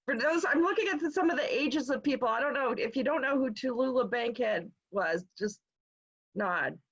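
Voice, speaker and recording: A woman's voice: high voice, lively intonation, moderate pace, slightly rough, highs cut off. A woman hosting an interview chat, effusive and exclamatory, speaking over a video call. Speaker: host.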